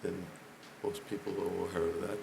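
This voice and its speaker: An older man giving a temple lecture, hoarse and losing his voice, speaking haltingly and often clearing his throat. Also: sits low, flat delivery, noisy background. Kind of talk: lecture to a congregation. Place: temple hall.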